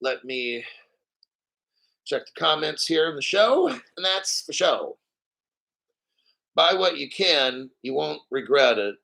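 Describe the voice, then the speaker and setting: A male crypto livestream host with a high, bright voice who talks in a hyped, profane rush. He stops often to clear his throat. His delivery is excitable and pushy. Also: slow pace, pauses often, low-quality recording. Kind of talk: live-stream commentary.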